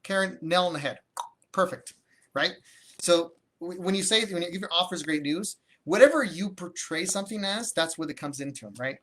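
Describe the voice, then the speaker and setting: A man with a high-pitched, slightly bright voice teaches about real estate deals on a livestream, responding to viewer comments. He talks at a moderate pace, with energy and a conversational feel, and frequently starts his sentences over.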